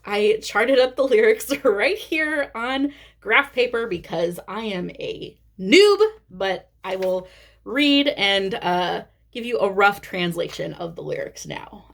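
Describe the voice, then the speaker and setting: Unhurried Midwestern woman vlogger. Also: mid-range voice, very animated, creaky. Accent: Midwestern American. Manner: chatty, candid, sprinkles in swearing and laughter. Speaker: cross-stitch vlogger. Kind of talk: casual chat.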